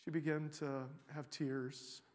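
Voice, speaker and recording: A man preaching a sermon, telling a personal story in a relaxed, conversational way with frequent fillers and restarts. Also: a little high, takes it slowly, big-room sound. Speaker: pastor.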